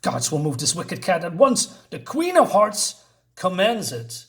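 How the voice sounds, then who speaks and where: A man reading as a young queen in a storybook, defiant and indignant. She pitches her voice high and swings it widely when she protests, and she insists on having her way. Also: big pitch swings, a little slow, breathy edge, heavily acted. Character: young woman made queen, defiant and angry.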